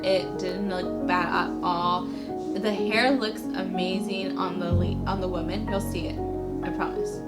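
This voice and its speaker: In a medium-pitched voice, a young adult woman relates a personal story to her camera. She keeps it casual and conversational, relying heavily on "like" as a filler.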